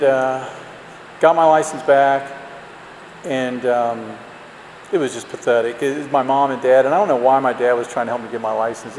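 A man's voice: medium pitch, darkish tone. A man telling a candid, self-mocking personal story to an audience, rambling with lots of fillers. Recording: roomy hall, faint background noise.

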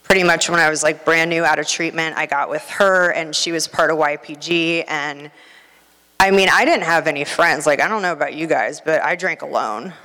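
A woman's voice: deep voice, normal speed, sharp tone. A woman giving a candid, rambling personal testimony at a recovery meeting, full of fillers. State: nervous, near tears. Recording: reverberant hall.

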